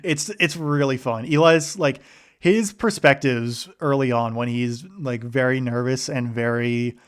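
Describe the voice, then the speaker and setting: A man's voice: medium pitch, unhurried, clean tone. A man hosting a podcast, rambling casually about books he listened to, with lots of restarts. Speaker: podcast host.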